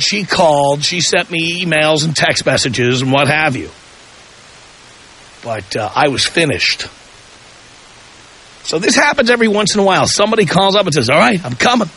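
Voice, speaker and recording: A man with a high, bright voice hosts a call-in radio talk show. He swings his pitch widely as he drives home provocative, pointed questions with heavy emphasis. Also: rough recording.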